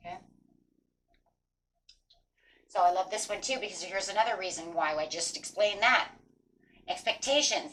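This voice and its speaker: A woman giving a casual spoken tarot reading, animated and encouraging, mixing card text with chatty asides and acted-out quotes. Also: mid-range voice, a little fast, slight background noise, poor audio. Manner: acts out quoted inner voices. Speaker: tarot reader.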